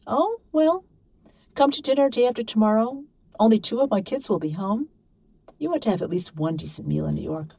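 A woman voicing an outspoken, chatty middle-aged woman activist, brisk and forthright. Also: on the high side, animated, gravelly, dark tone, husky, dry recording, voice pushed up, full character voice.

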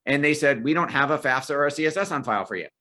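A man with a slightly raised pitch lays out financial aid rules for an interviewer. He explains briskly and clearly, often walking through client stories. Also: lively intonation, sharp tone. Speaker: guest, financial aid planner. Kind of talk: interview answers.

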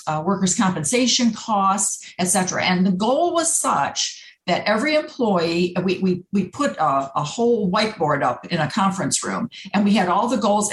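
Woman in her sixties, hr consultant, animated storyteller, echoey room. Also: slight background noise. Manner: animated storyteller, acts out quotes in higher pitch. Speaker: HR consultant, guest. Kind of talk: conversational interview.

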